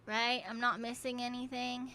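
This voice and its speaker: A woman's voice: on the high side, level tone, normal speed, sharp tone, slight background noise. A woman streamer giving casual gameplay commentary, playful and swearing freely.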